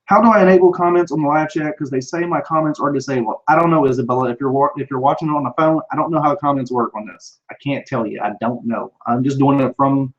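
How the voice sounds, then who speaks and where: A man's voice: medium pitch, fast talker, hardly any pauses, lo-fi sound. A man, probably in his thirties, hosting a live show and answering viewer questions in a casual, rambling way with many restarts. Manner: rambling, with frequent restarts and fillers. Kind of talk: casual live-stream chat. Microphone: computer microphone.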